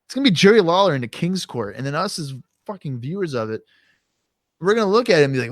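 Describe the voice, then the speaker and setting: A man's voice: fairly high pitch, sing-song, fast talker, no room sound, studio quality. A man co-hosting a casual podcast, ranting and swearing often as he reviews a wrestling show. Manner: ranting, swears often, acts out quoted voices. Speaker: podcast co-host.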